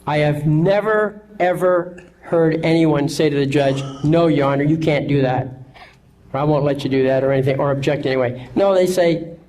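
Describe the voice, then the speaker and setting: A man's voice: fairly high pitch, fairly even intonation, moderate pace, a little mellow, slight background noise, rough recording. A man giving an instructional talk in a confident, assured manner, often checking in with listeners. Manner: confident, repeats "okay?" to check in. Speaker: lecturer.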